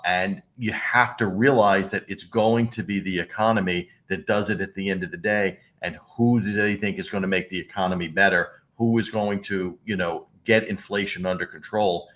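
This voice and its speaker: Deep-voiced man talk show guest. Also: steady tone, a little fast, hardly any pauses, a bit bright. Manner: earnest, loose, rambling with fillers. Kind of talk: casual political talk show chat.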